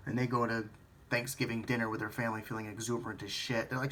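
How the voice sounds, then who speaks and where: Bright-voiced man talking stocks to himself. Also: fairly low pitch, fast talker. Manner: rambling, self-questioning, swears. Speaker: stock trading vlogger. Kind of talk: thinking-aloud market commentary.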